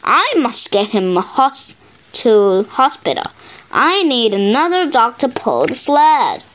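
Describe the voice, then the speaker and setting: Anxious storybook father, urgent and pleading, slow deliberate delivery read by a woman. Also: fairly high pitch, big pitch swings, a little hiss or hum. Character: anxious grown man with a sick son.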